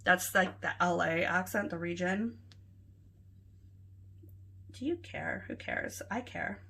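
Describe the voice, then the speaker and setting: A Los Angeles woman with a local accent talks slowly in a fairly low, gravelly voice, pausing often. As a planner vlogger filling in her planner, she chats casually and softly, rambling a little with filler words.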